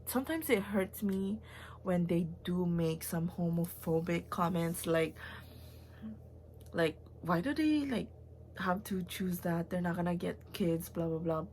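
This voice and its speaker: A woman's voice: fairly low pitch, darkish tone, slight background noise. A young woman, talking in a rambling, heartfelt personal vlog with many fillers and restarts, at times close to tears. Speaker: vlogger.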